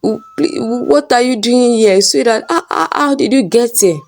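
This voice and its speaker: A woman's voice: sits low, lively intonation, moderate pace, mellow, faint music behind. A woman voicing a scheming middle-aged male lecturer who talks smugly and turns to stammering. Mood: panicked. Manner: smug, then panicky and stammering.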